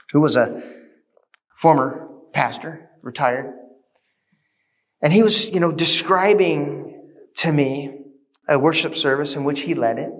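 Pastor preaching hard, kinda high voice, big church echo, goes soft then loud. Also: male voice. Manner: impassioned preaching, swings from quiet to loud. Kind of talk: sermon. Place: church sanctuary. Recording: long reverb of a church hall.

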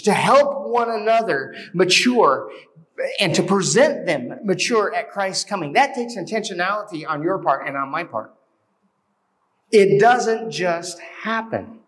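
A man's voice: high voice, a bit bright. A man preaching as pastor, exhorting his listeners earnestly with rhetorical questions. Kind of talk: sermon.

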